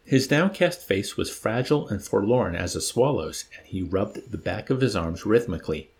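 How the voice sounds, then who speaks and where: Gravelly man reading a novel aloud. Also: fairly low pitch, normal speed. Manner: expressive, stops to comment. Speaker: reader.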